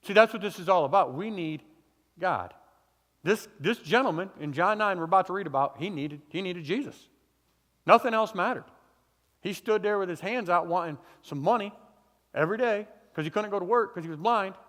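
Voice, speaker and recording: Man, pastor, folksy conversational sermon, high voice, long church reverb. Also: animated, a little fast, a bit bright. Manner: casual, folksy, conversational preaching with repeated phrases. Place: church sanctuary.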